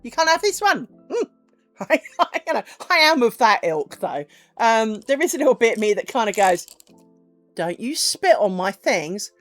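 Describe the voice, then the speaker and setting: A middle-aged woman, chatting casually with viewers during a crafts stream, animated and profane, acting out little conversations. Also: a little high, moderate pace, faint music behind. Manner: chatty and animated, swears freely, acts out little dialogues. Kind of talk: casual chat with live viewers while crafting.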